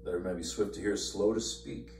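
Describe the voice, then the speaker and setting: Low-ish guy leading bible study, lots of "you know", echoey room. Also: fast, a little mellow. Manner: conversational, repeats words, many fillers. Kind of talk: informal Bible study teaching. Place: church meeting room. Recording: echoey room, far from mic, faint hum.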